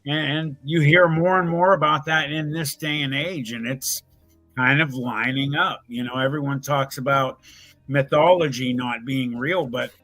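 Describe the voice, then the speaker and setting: A man's voice: medium pitch, fairly even intonation, measured pace, bright, forceful tone, no echo, soft background music. A man on a podcast panel musing agreeably about the topic at hand. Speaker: panel guest. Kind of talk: casual panel talk.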